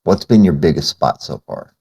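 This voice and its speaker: A man's voice: very deep voice, lively intonation, normal speed, creaky, a little mellow, slightly rough. A man co-hosting a podcast interview, rambling and emphatic, full of fillers. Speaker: podcast co-host.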